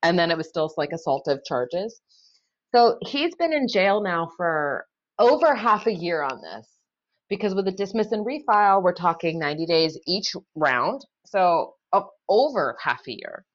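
A woman's voice: on the low side, big pitch swings, normal speed, dull audio. A woman public defender speaking casually and candidly in a podcast interview, with many fillers.

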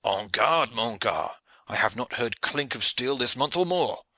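Guy doing a blunt hearty old archer, throws in french oaths, bright lively voice. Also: mid-range voice, a little slow, no echo, voice pushed up, full character voice. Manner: boisterous, sprinkled with French oaths. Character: veteran male English archer, hearty and blunt.

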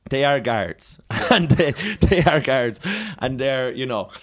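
A man's voice: medium pitch, lively intonation, takes it slowly. An Irish man with an Irish accent, a comedian guest, telling rambling, sweary stories in casual podcast chat and laughing often. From Ireland.

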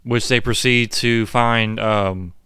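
A man casually recapping a bad movie with lots of swearing, acting out characters' lines in silly high voices. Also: steady tone, takes it slowly, bright, forceful tone, smooth, dry recording, clean studio sound. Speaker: co-host reviewing a film.

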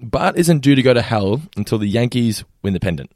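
Fast-talking podcast co-host. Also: male voice, medium pitch, expressive, darkish tone, dry recording, clean studio sound. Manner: quick, runs a trivia segment with many restarts. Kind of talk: casual chat.

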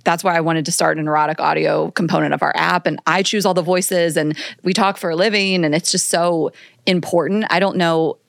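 A woman's voice: lowish voice, fairly even intonation, brisk, gravelly, no echo, studio quality. A woman from Delaware co-hosting a podcast, chatting casually and laughing now and then. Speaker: podcast co-host.

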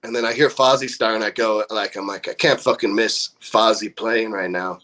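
A man's voice: on the low side, moderate pace. A young man from California in a band, casually telling a story full of swearing and acted-out quotes. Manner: profane, animated storyteller acting out quotes. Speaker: band member.

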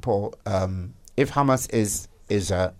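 A man's voice: lowish voice, slow pace, a little mellow. A man co-hosting a breakfast radio show, talking over the news in an opinionated way with hesitant starts, in a studio. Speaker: radio co-host. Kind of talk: casual studio discussion.

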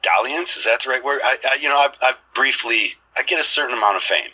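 A man's voice: medium pitch, fast, sharp tone, breathy edge, low-quality recording. A man telling rambling stories in a casual podcast chat, swearing freely.

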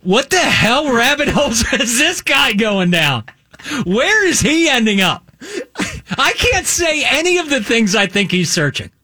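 Animated bright-voiced male co-host. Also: very high-pitched, unhurried, no room sound, studio quality. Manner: animated, joking, laughs often. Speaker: podcast co-host. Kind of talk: casual banter.

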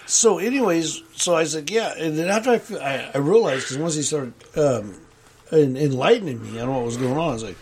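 A man's voice: fairly high pitch, expressive, fairly quick, a little mellow, a little hiss or hum. A man in casual chat, telling a story in a laid-back way with casual swearing. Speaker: welder, guest.

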